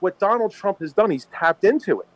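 A man's voice: sits high, lively intonation, a little fast, no echo. A man co-hosting a casual political talk show, rambling and emphatic as he tells stories. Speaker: podcast co-host. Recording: dull dry lo-fi sound.

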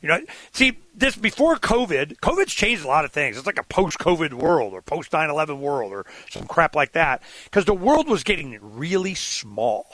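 A man's voice: on the high side, big pitch swings, normal speed, hardly any pauses, a bit bright. A man hosting a talk radio show, rambling and irreverent as he argues his point. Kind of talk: casual talk radio conversation.

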